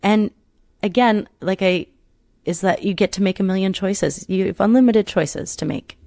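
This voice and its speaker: A woman's voice: medium pitch, moderate pace, dark tone, dry recording. Earnest woman guest, dry close sound. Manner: earnest, rambling with many restarts and "you know". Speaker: performer and coach, podcast guest. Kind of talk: reflective interview conversation.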